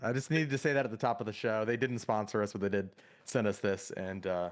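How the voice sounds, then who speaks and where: A man's voice: lowish voice, steady tone, quick pace. A man co-hosting a casual video game podcast in a wry, self-deprecating way. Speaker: podcast co-host.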